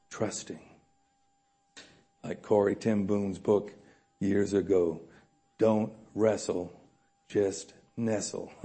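A man preaching a sermon in a church room, animated, swinging between loud emphasis and soft asides with frequent chuckles. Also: lowish voice, breathy edge.

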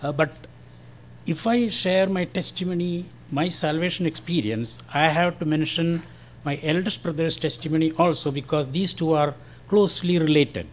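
An older man from India with a Malayalam-influenced Indian accent, giving a slow, careful church testimony. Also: a little high, a little hiss or hum. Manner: slow, careful, friendly with short laughs. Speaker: guest speaker giving testimony.

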